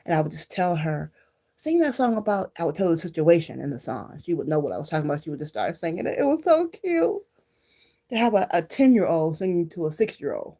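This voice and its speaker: A woman's voice: low-pitched, animated, quick pace, few pauses, warm tone, breathy edge. A woman from Detroit chatting casually to her viewers, reminiscing and talking straight to them. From Detroit, Michigan. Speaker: vlogger.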